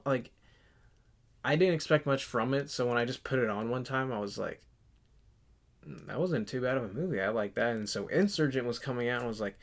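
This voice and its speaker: A man in his twenties chatting casually in a vlog, rambling and halting with lots of fillers and restarts. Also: mid-range voice, a bit bright. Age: 20s. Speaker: channel host. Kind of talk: casual movie collection vlog.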